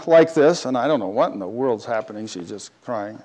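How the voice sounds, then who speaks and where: A man telling a personal story in a talk, animated, with big swings between loud and quiet. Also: fairly low pitch, brisk.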